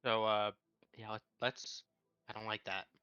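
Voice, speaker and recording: A man's voice: fairly low pitch, little pitch movement, measured pace, bright, forceful tone, smooth, no echo, highs cut off. A man playing in a tabletop game, talking in a matter-of-fact way. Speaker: player. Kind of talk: tabletop role-play chat.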